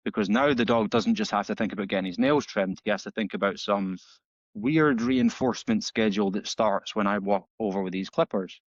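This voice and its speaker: A man, a dog trainer guest on a podcast, telling stories in a casual, animated way and acting out the dialogue with many restarts. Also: on the low side, a little fast, no echo. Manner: animated storytelling, acts out dialogue with frequent restarts. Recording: slightly dull, dry audio.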